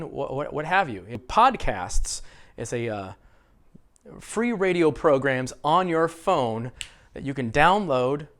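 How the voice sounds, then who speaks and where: A man's voice: fairly high pitch, clean tone. A middle-aged American man teaching a spoken English lesson, showing learners how to stress words in sentences. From United States. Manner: lively, models sentences for learners to repeat. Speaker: ESL teacher.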